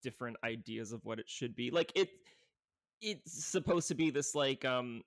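A man talking casually about films as a podcast guest, at a middle pitch. He rambles, stacking fillers as his ideas tumble out in animated bursts. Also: normal speed. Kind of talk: casual film chat.

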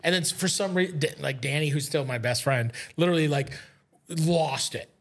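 A fairly high-voiced man from Canada rambles through a story in casual podcast chat. He swears freely and laughs along as he goes. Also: moderate pace. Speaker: guest.

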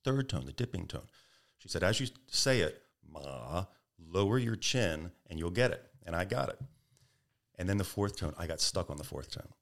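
Deep-voiced man telling stories. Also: moderate pace. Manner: animated storyteller, acts out tones and quotes. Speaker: podcast guest. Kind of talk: storytelling interview.

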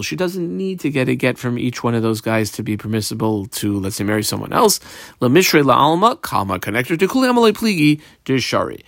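Gravelly, lively man teaching Talmud. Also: medium pitch, no echo, studio quality. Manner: translates line by line, marking up the text as he goes. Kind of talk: daf yomi Talmud class.

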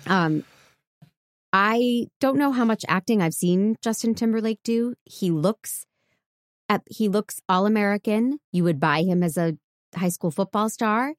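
A woman's voice: medium pitch, a little slow, no room sound, clean studio sound. A woman co-hosting a casual movie podcast, speaking thoughtfully and choosing her words carefully. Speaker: podcast co-host. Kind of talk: casual chat.

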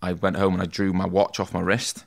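A man's voice: low voice, monotone, fairly quick, gravelly. A man, a tattoo artist, telling stories from his school days in a casual podcast interview, often saying "mate" and "like". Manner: chatty, self-deprecating, says "mate" and "like" a lot.

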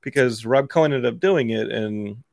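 A man hosting a casual interview, chatty and quick with jokes. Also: medium pitch, creaky, dry recording, clean studio sound. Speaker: podcast host.

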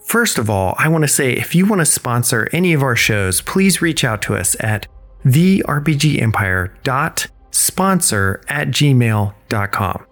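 Excited guy reading a podcast sponsor spot, normal mid voice. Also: medium pitch, unhurried, faint music behind. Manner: enthusiastic, promotional. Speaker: game master and creative director. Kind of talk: podcast ad read and intro narration.

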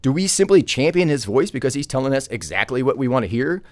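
A man's voice: medium pitch, sing-song, quick pace, no room sound. A man who is a journalist and podcast host, delivering opinion commentary emphatically, with many rhetorical questions.

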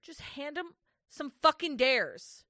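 A woman's voice: sits high, expressive, takes it slowly, bright, forceful tone, no room sound, studio quality. A woman co-hosting a casual recap podcast, ranting, swearing and laughing as she goes. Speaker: podcast co-host.

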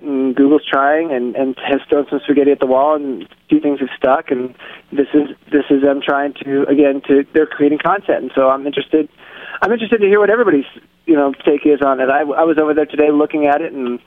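A man's voice: on the high side, narrow, tinny audio. A man hosting a search news podcast, talking eagerly and tripping over his words in casual chat. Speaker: podcast host.

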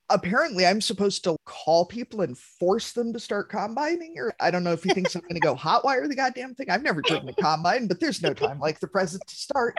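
A woman's voice: fairly low pitch, no echo, clean studio sound. A woman hosting a podcast in casual chat, blunt and swearing freely. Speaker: podcast host.

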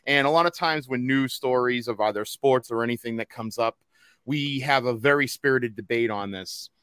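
A Boston-accented man hosts a casual podcast in a mid-range, slightly bright, clean voice at a moderate pace. The recording is dry with clean studio sound, and he rambles through fillers and restarted sentences.

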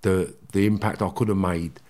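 A man, a guest telling blunt, animated stories in a casual interview and swearing freely. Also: low-pitched, normal speed.

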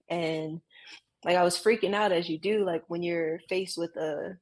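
A woman guest in a casual interview, talking about her life in an emotional, halting way with many fillers, heard over a video call. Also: lowish voice, fairly even intonation. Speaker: guest, graphic artist.

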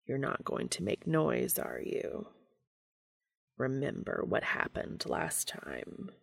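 A woman reading aloud, voicing a serious man who speaks roughly in a low growl. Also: very animated, moderate pace, full character voice. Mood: earnest.

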